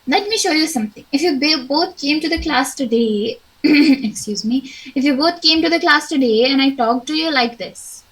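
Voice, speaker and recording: A young woman with an Indian English accent teaching an online English class, speaking slowly and clearly with encouraging, acted examples. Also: sits high, animated, low-quality recording.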